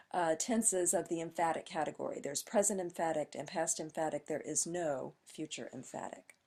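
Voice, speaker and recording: A woman's voice: sits low, moderate pace, gravelly, hardly any pauses, dark tone, slightly rough. A woman teacher patiently explaining grammar step by step in a lesson, with emphatic stresses.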